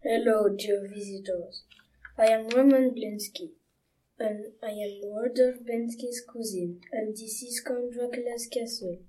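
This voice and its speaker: A woman's voice: a little high, steady tone, unhurried, mellow. A young schoolgirl reading her part in a class play, plainly and carefully. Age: child. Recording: voice from a distance.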